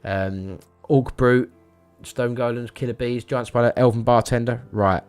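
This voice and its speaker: A man's voice: mid-range voice, fairly even intonation, unhurried, a little mellow, smooth, faint music behind. A man chatting casually on a live stream, rambling and stammering, swearing now and then.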